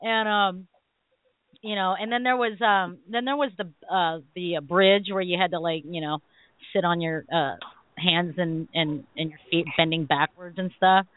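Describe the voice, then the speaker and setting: A middle-aged woman hosting a call-in radio show, telling stories in an animated way and laughing often. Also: fairly low pitch, moderate pace, no echo. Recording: tinny phone-line sound.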